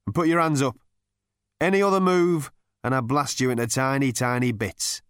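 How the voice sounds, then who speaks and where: A man voicing a hectoring male guard who barks curt orders at gunpoint, pitching his voice up and pushing it hard. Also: steady tone, moderate pace, a bit bright, smooth, no echo, clean studio sound, close to an everyday voice. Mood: threatening.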